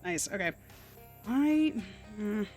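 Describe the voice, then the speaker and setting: A woman's voice: mid-range voice, expressive, slow pace, a little mellow, soft background music. A woman streaming a video game live, chatting and muttering to herself with a casual, loose delivery.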